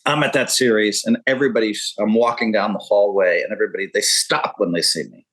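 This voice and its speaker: A man's voice: fairly low pitch, fairly even intonation, fast talker, fairly bright tone, poor audio. A man in his fifties, a poker pro talking as a podcast guest, rambling and candid with frequent profanity. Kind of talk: casual interview talk.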